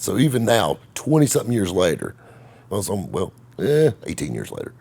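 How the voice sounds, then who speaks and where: A man's voice: deep voice, big pitch swings, normal speed, creaky, a little mellow. A middle-aged man telling a rambling, folksy, self-mocking story to camera as the host of his own show.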